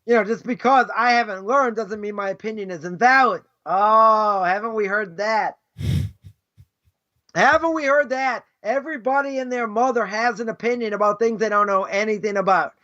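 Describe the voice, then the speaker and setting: Male rabbi lecturing a class; very high, sharp voice, chatty and rhetorical, dull lo-fi stream. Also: moderate pace. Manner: conversational, keeps asking "right?"; acts out imagined speakers mid-lecture. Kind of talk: informal Torah lesson.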